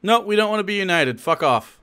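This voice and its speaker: A man streaming live, commenting on political clips in profane, animated rants that keep cutting in. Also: sits high, brisk, clean tone.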